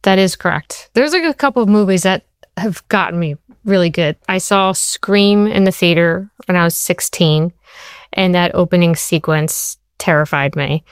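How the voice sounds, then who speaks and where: Woman, thirties, storyteller, lower pitch, dry recording. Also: moderate pace, clean tone, no echo. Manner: storytelling, quotes people in shifted voices. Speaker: TV writer and show creator. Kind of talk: interview.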